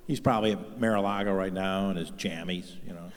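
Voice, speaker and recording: Speaking a little fast in a low voice with fairly even intonation, a middle-aged man delivers profane, crude stand-up, mocking and punching up each line. The set plays to a live audience in a large comedy venue, recorded as a live stage mix with hall reverb and a little hiss or hum.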